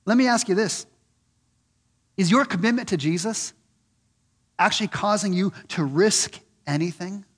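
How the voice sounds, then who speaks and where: Man, pastor, sermon, high voice, earnest, repeats questions, surges and drops. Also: moderate pace, pauses often, breathy edge. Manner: rises high and loud on key points, drops low and soft on others.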